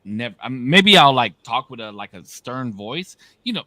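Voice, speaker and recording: A man's voice: mid-range voice, normal speed, no room sound. A man in his thirties, co-hosting a podcast and telling stories in casual, slangy, profane chat. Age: 30s. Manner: animated storyteller, slangy and profane. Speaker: podcast co-host.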